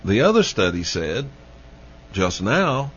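A man hosting a late-night call-in radio show, speaking deliberately and repeating his questions to listeners. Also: lowish voice, big pitch swings. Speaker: radio talk show host. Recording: muffled lo-fi radio broadcast with faint hiss.

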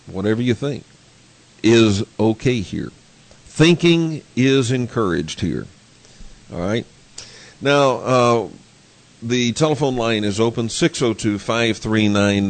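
Slow, low-voiced male radio host. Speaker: call-in radio show host. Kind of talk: call-in radio talk.

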